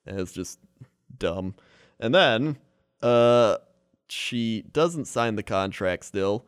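A man's voice: on the low side, expressive, slow, clean tone, dry recording, clean studio sound. A man casually retelling a movie plot, filling his talk with "like" and quoted dialogue. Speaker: co-host recapping a movie. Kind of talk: casual chat.

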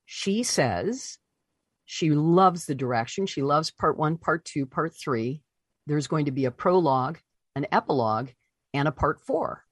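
Interview guest: woman, low husky voice, animated storyteller, dry close sound. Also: measured pace, dry recording. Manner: animated, voices her own past reactions. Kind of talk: personal storytelling.

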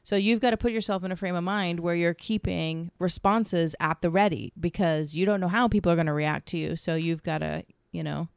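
Chatty woman, low voice, dry sound. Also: brisk, gravelly, few pauses, smooth, dry recording. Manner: chatty, laughs often, quotes others in lively voices. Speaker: massage and craniosacral therapist. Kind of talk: casual chat, answering a questionnaire together.

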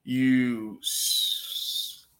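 A man co-hosting a podcast, opinionated and blunt, swearing casually in relaxed chat. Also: medium pitch, drawn-out words, clear, resonant tone. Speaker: podcast co-host. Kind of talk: casual chat about wrestling.

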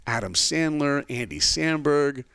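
A man being interviewed on a podcast, telling stories in a lively way and acting out the voices of people he quotes. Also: fairly high pitch, unhurried, creaky, clean tone, no echo. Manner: animated storyteller who acts out quoted voices. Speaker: podcast guest. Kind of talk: casual storytelling interview.

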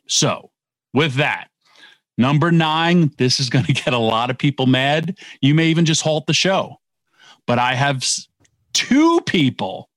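A man's voice: mid-range voice, no echo. Rambling man on dry-sounding radio. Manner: rambling, self-correcting, casual. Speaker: radio co-host, former wrestler. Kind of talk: sports talk radio.

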